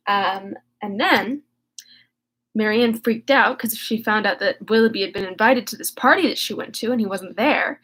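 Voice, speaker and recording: A young woman casually recapping a classic novel in a chatty, animated way, then reading it aloud. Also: mid-range voice, normal speed, slightly rough, rough recording. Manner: chatty, animated retelling with lots of "like". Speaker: reader and recap vlogger. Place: room lit by a window, recording alone.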